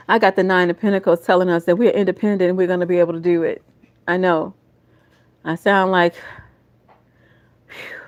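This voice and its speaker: A woman's voice: lowish voice, normal speed, long pauses, darkish tone, highs cut off. Folksy Southern woman reading tarot. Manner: folksy, emotional, talks to viewers as y'all and baby. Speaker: tarot reader.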